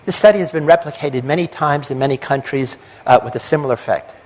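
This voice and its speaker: A man's voice: mid-range voice, fast talker, darkish tone, rough recording. An older man, a psychologist, giving a public lecture with emphatic lists and acted-out quotes.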